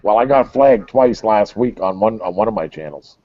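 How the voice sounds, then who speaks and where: A man's voice: on the low side, animated, normal speed, dull audio. A man hosting a casual group video chat, joking and self-mocking. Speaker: video host.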